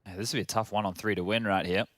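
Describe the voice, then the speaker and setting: A man's voice: lowish voice, fairly even intonation, very fast, fairly bright tone, no room sound, clean studio sound. A man casting a live esports match into a headset mic, analytical and chatty. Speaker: esports caster.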